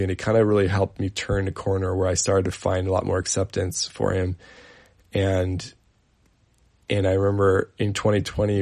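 A man in his thirties hosting a podcast, telling a personal story in an earnest, halting way with many fillers and restarts. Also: low-pitched, gravelly, a little mellow. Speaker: podcast host.

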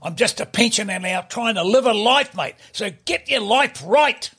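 A man in his late seventies with a New Zealand accent, a guest trading gruff, blustery jabs in a staged argument. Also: high-pitched, lively intonation, moderate pace, pushed and bright. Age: 70s. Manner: gruff, blustery, calls people mate.

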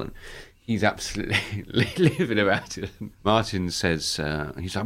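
Guy on a podcast, really low voice, rambly, lots of "you know". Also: animated, moderate pace, gravelly, hardly any pauses, a bit bright. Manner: rambling, enthusiastic, many fillers. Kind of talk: casual chat.

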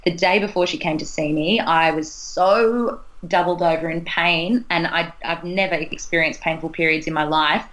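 A young Australian woman tells a personal story as a guest on a podcast interview, earnest and chatty, laughing between thoughts. Her voice is lowish but fairly bright, steady in tone and moderately paced. The audio quality is poor.

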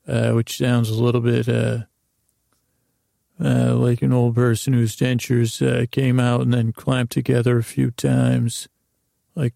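A man telling a meandering, improvised sleep story, halting often with ums and restarts. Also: mid-range voice, creaky, mellow, no echo, studio quality. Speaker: podcast host.

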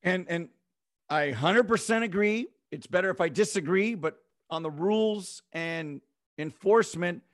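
Punchy high-voiced male podcast host. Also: no room sound, clean studio sound. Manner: punchy rhetorical questions and quick answers. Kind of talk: sports talk podcast.

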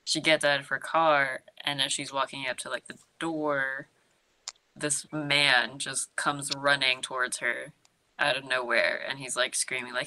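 A woman's voice: very deep voice, fairly even intonation, unhurried, pushed and bright. A young woman co-hosting a podcast, recapping a movie in a casual, giggly way and acting out the characters' lines. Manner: chatty, giggly, acts out quotes. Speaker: podcast co-host.

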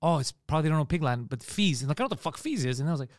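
A man with a Park Extension Montreal Greek accent, a podcast host telling animated, swearing stories in casual chat. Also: a little high, no echo, clean studio sound. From Montreal, Canada. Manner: fast, animated storytelling with swearing.

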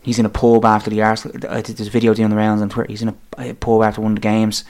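A wry Irish man chats casually about football, drifting through his points with plenty of ums. His voice sits low and stays fairly level, without much rise and fall. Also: monotone, rapid-fire, darkish tone. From Ireland. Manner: wry, rambling, with many fillers.

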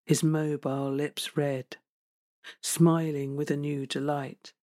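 A woman narrates a literary novel for an audiobook. Her reading is slow and measured, giving each phrase room. The sound is dry and close, with no room echo. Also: low-pitched, level tone, warm tone. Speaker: audiobook reader.

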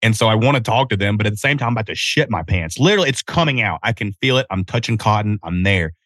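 A man in his thirties from Tennessee, hosting a casual solo podcast outdoors, telling animated, profane stories. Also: lowish voice, quick pace, no room sound. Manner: animated storytelling with cursing and self-interruptions. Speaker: podcast host.

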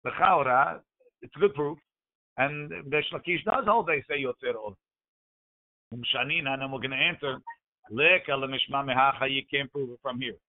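A man's voice: medium pitch, moderate pace. A man teaching a Talmud class, reading the Aramaic text aloud and explaining it line by line in English. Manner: talks through the text with frequent "right?" checks. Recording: tinny phone-like recording.

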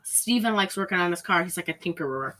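A woman's voice: lowish voice, animated, fast talker, pushed and bright, slight background noise. A young woman co-hosting a casual podcast, retelling a film's plot in a chatty way, saying "like" constantly. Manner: chatty, heavy use of "like", mimics characters while retelling. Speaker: podcast co-host recapping a film. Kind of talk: casual chat.

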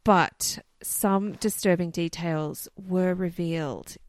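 A woman's voice: on the low side, fairly even intonation, takes it slowly, a little mellow, no room sound, studio quality. A woman co-hosting a podcast, telling a case in a chatty, loose way full of asides. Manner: chatty, loose, many "you know" and "like" asides. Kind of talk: casual storytelling chat.

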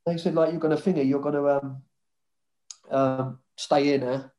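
A man's voice: fairly high pitch, steady tone, moderate pace, warm tone. A man, a former footballer casually telling rambling anecdotes in an interview, swearing freely.

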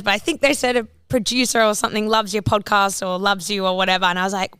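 A woman's voice: mid-range voice, fast, clean tone, no room sound, studio quality. A young woman co-hosting a podcast, telling stories in casual chat, swearing and acting out quotes. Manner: swearing, animated storytelling, acts out quotes. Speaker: podcast co-host.

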